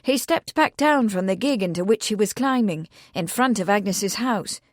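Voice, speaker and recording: A woman narrating a mystery audiobook in a steady, measured storytelling manner. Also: medium pitch, no echo, clean studio sound.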